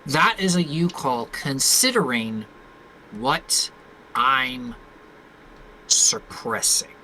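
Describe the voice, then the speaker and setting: A man playing a tabletop game, unhurried and thinking aloud. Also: medium pitch, big pitch swings, pushed and bright, a little hiss or hum, poor audio. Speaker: player.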